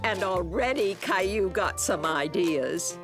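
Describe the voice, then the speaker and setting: A woman's voice: fairly low pitch, lively intonation, takes it slowly. Woman narrating a children's cartoon. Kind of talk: scripted storybook narration. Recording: music underneath.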